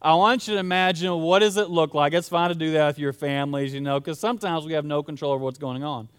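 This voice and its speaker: A man's voice: fairly high pitch, steady tone, fast, clear, resonant tone. A young man preaching a sermon in a casual, storytelling way. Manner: casual, storytelling, conversational with fillers. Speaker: pastor.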